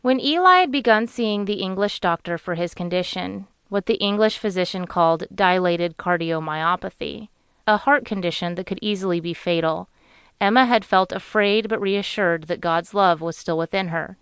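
Smooth, low-voiced woman narrating an audiobook. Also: no echo. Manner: measured, even storytelling. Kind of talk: scripted narration.

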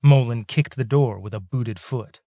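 Male audiobook narrator, gravelly tone, dry close sound, measured sci-fi reading. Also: medium pitch, no room sound. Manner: steady, measured storytelling.

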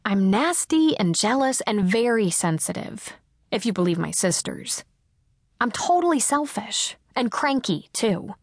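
A woman voicing a sardonic, self-mocking teenage girl who talks quickly and chattily. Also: medium pitch, big pitch swings, no echo, clean studio sound. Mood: chatty.

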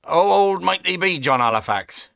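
A man voicing a stern, exacting old Quaker tradesman in an audiobook, with brisk, commanding old-fashioned speech. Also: sits high, lively intonation, creaky, sharp tone, no echo, studio quality, voice pushed up, exaggerated voice. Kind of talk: audiobook character voice.

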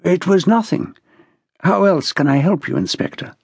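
A man's voice: high voice, expressive, normal speed, creaky, a little mellow, slightly rough, no room sound, clean studio sound, heavily acted. A man voicing an older aristocratic landowner, polite, well-spoken and eager to help.

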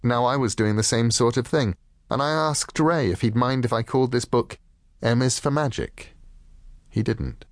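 A man, the author, reading his own audiobook in a measured, wry storytelling manner. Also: mid-range voice, dry recording, studio quality. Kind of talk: audiobook narration.

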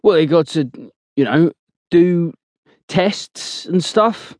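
A man's voice: mid-range voice, lively intonation, moderate pace, dark tone, no room sound, studio quality, pitched above the performer's own voice, natural voice. A man voicing a blunt, exasperated young male soldier who swears freely. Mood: faltering.

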